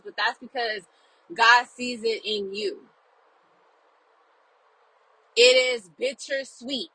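A young woman speaks straight to her viewers about faith in an earnest, encouraging way, often repeating herself and tossing in "right?" and "okay?". Her voice is bright and a little husky, sitting slightly high, and the recording is dry and close. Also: dry recording, low-quality recording. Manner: earnest, encouraging, repeats phrases with many tag questions. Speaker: Christian video creator. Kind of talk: casual faith talk to viewers.

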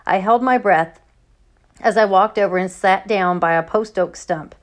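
A woman narrating an audiobook chapter in a steady, unhurried reading voice. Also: medium pitch. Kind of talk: storybook narration.

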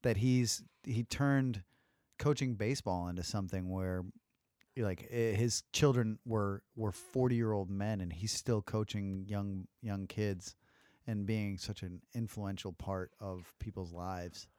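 A man's voice: lowish voice, steady tone, measured pace, darkish tone, dry recording. Teasing easygoing man, dry close sound. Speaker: podcast co-host. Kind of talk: casual chat.

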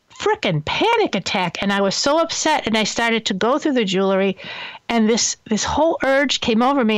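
A woman's voice: mid-range voice, dry recording. Chatty middle-aged woman radio host. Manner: chatty, meandering, with fillers and restarts. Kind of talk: personal storytelling on talk radio.

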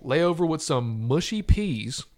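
An American man hosts a laid-back podcast conversation, rambling, joking and laughing often. His voice is a little high and very animated, and he takes his time.

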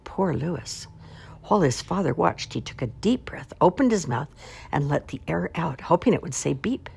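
A woman narrating a children's storybook in a gentle, expressive read-aloud manner. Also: low voice, moderate pace, gravelly, breathy edge. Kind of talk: storybook reading.

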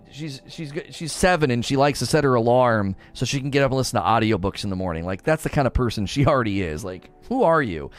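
A man in his thirties hosting a podcast in casual chat, animated and excitable, acting out quotes in his own voice. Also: mid-range voice. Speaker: podcast host.

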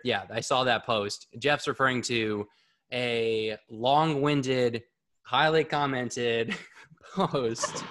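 Excitable rambling man hosting a podcast. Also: medium pitch. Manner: excitable and rambling, swears freely. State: a bit out of breath. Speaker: podcast host. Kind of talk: casual live podcast chat.

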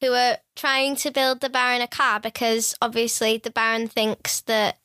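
A woman's voice: a little high, completely flat delivery, normal speed, sharp tone, no room sound, clean studio sound. A young woman co-hosting a podcast in casual chat, playful and teasing, often breaking into giggles. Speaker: podcast co-host.

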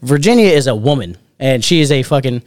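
A man's voice: medium pitch, brisk, no room sound. A man telling long party stories in casual chat, swearing freely and acting out quotes. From Alabama family roots. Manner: profane, animated anecdote-telling with acted quotes. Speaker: podcast host.

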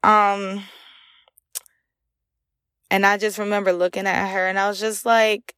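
A woman's voice: mid-range voice, little pitch movement, measured pace, pauses often, fairly bright tone, clean tone, dry recording, clean studio sound. A young woman hosting a solo podcast, telling a raw, emotional personal story with many fillers. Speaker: podcast host. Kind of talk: candid solo podcast monologue.

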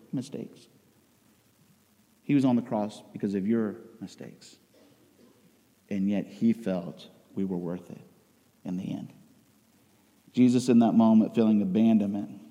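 A man preaching a sermon as pastor, swinging between loud emotional outcries and hushed intensity. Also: medium pitch, in a large hall, dull audio.

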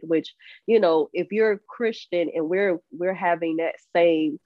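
A woman's voice: lowish voice, unhurried, no echo. Candid woman co-host, dull dry audio. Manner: earnest, candid, laughs between points. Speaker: podcast co-host. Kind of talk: casual podcast conversation. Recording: slightly dull, muffled audio.

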